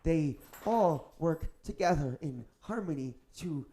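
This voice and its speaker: Man doing a stammering old curator, fretful, slightly high, mellow tone. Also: animated, unhurried. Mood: flustered. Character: old flustered male curator, fortune-teller.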